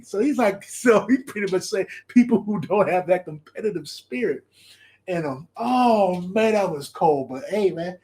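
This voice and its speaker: A man hosting a podcast, chatting casually in an animated way, laughing often and repeating his phrases. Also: sits high, moderate pace. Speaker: podcast host. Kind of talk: casual solo commentary.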